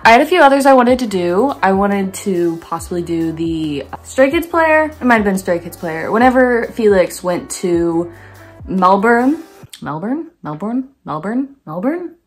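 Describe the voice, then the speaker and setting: A young woman films herself on a phone in her bedroom and chats about her painting in a loose, rambling way, full of playful asides. Her voice sits at a middling pitch. Soft music plays faintly underneath. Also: lively intonation, moderate pace, hardly any pauses. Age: young adult. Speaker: art vlogger. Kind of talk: chatty painting vlog. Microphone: phone camera.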